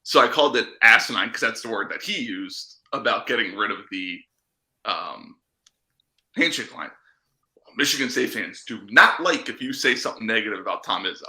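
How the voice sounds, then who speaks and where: Man, wry podcast co-host, laughs often, sharp bright voice, roomy echoey recording. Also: on the low side, lively intonation, moderate pace. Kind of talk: casual chat.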